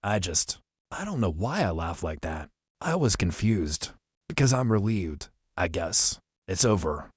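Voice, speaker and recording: A man voicing a frightened, guilt-shaken teenage farm boy with hushed, anxious pleading in an audiobook. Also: low voice, very animated, a little slow, slightly rough, dry recording, clean studio sound, exaggerated voice.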